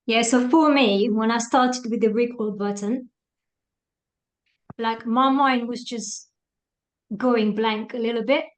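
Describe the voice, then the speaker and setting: A woman sharing her experience in an online workshop, thoughtful and measured, over a video call. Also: fairly high pitch, fairly even intonation, low-quality recording. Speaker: workshop participant. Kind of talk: casual chat.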